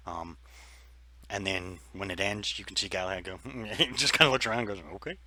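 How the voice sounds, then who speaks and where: A man's voice: low-pitched, fairly quick, sharp tone. A man running a tabletop game as game master, describing scenes in a loose, rambling way with many fillers.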